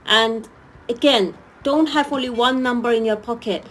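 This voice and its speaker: A woman's voice: a little high, normal speed, slight background noise. A woman hosting a live-stream talk, speaking earnestly and pleading with her viewers, often repeating herself. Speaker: host.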